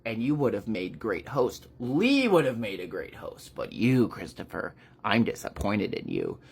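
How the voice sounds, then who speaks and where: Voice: mid-range voice, wildly swooping pitch, measured pace, gravelly, husky, voice pushed down, exaggerated voice. Pestilence, a narrator lightly putting on a disappointed villain.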